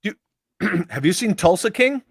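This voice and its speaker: A man's voice: high voice, sing-song, measured pace, vocal fry, husky, no room sound, clean studio sound. A man co-hosting a casual livestream, chatting loosely with a lot of swearing and reading out chat comments. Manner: laid-back, profane, riffing.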